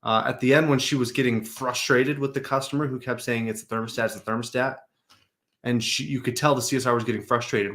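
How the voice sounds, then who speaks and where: A man's voice: medium pitch, steady tone, a little fast, a bit bright. A man hosting a show, coaching managers on a recorded service call in a direct, advisory way. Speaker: customer service coach, host.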